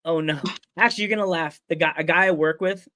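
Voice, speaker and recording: A man's voice: high-pitched, fairly even intonation, fast talker, pushed and bright, no room sound, studio quality. An American man hosting a casual podcast over a remote call, chatty and rambling, laughing often. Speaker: podcast host. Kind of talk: casual chat. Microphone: remote call mic.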